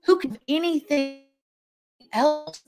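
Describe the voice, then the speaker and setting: A woman's voice: high-pitched, takes it slowly, darkish tone, soft background music. A woman hosting a true crime commentary, speaking emphatically and indignantly. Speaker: true crime channel host.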